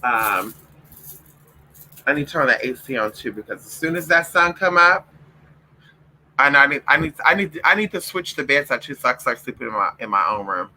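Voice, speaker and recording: A man vlogs casually late at night, loose and profane, addressing viewers as honey and y'all and cooing at or scolding his puppies in a playful pet-talk voice. He is expressive at a normal speed with a medium, sharp-toned voice, pausing often. Audio is poor, with a little hiss or hum.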